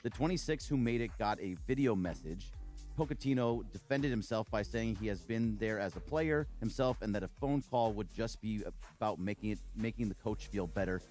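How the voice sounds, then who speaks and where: A man's voice: fairly low pitch, a little fast, a little mellow, soft background music. A man on a sports radio show who reads out news items and statistics in a plain, factual way. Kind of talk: reading news and stats.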